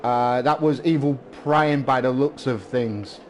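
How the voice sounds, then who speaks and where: A man's voice: mid-range voice, a little hiss or hum. Analytical male race co-commentator. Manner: measured, analytical, explains strategy and stats. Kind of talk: live esports race commentary.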